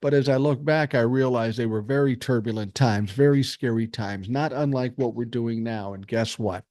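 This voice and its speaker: Reading chat aloud during a casual livestream, the sixty-something podcast host from Minnesota answers bluntly, swears freely, and still sounds reasonable. His voice sits in the mid-range, a little mellow, at a moderate pace. The sound is clean studio audio with no echo.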